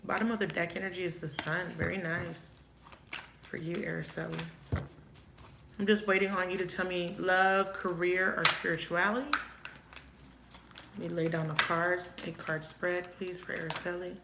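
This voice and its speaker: A woman giving a live tarot reading, thinking aloud and asking quick, emotive questions. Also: on the low side, level tone, gravelly. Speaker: tarot reader. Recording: echoey room, faint noise.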